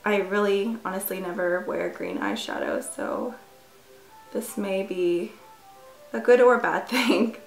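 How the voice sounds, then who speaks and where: A woman in her twenties chatting casually through a makeup tutorial, full of fillers and self-deprecating asides. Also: mid-range voice. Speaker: beauty vlogger. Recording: echoey room.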